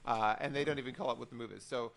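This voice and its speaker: A man's voice: medium pitch, very fast, gravelly, a loud crowd. A man co-hosting a podcast, talking through the week's wrestling shows in a casual, exasperated way and acting out what people said. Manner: animated, exasperated, acts out quotes. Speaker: podcast co-host. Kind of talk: casual wrestling recap chat.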